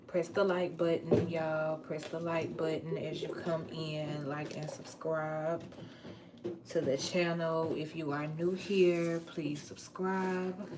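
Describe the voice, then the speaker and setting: A woman chatting casually on a livestream, playful and drawn-out, while washing dishes at home. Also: low voice, little pitch movement, background noise. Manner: chatty, playful, drawn-out words, Southern US slang. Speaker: vlogger. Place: home kitchen.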